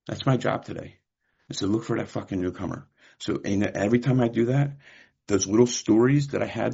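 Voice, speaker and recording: Gravelly, profane man sharing his recovery. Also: lowish voice, dark tone. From California. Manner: candid, profane, storytelling with quoted dialogue. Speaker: recovery meeting speaker. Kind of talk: personal recovery share. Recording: muffled lo-fi recording.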